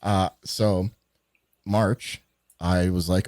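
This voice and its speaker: A man telling animated stories during a casual livestream chat, swearing freely as he goes. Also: lowish voice, normal speed, dry recording.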